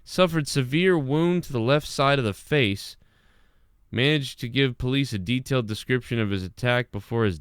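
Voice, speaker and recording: A young man hosting his own live stream, rambling through his thoughts with constant swearing and false starts. His voice is smooth and resonant at a middling pitch. The sound is dry and close, with no room echo. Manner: rambling, heavy swearing, trailing restarts. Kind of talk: casual live-stream commentary.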